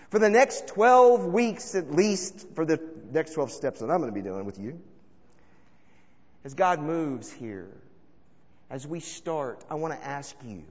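Animated male preacher in echoing hall. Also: a little high, unhurried, muffled recording. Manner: animated, swings between loud and hushed. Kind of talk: sermon with storytelling.

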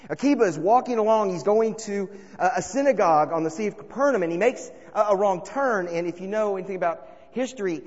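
A man preaching a sermon, telling stories and swinging between loud calls and hushed asides. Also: high voice, animated, quick pace, few pauses, long reverb tail, dull audio. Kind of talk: sermon with storytelling.

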